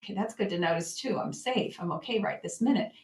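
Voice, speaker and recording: A woman teaching self-help in a gentle, reflective way, sometimes acting out her own inner thoughts. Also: mid-range voice, fast talker. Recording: echoey room, voice off-mic.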